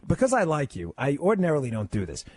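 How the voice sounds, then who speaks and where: A man guest-hosting a talk radio show, taking calls and making his points with rapid-fire emphasis. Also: fairly high pitch, wildly swooping pitch, a little mellow, husky.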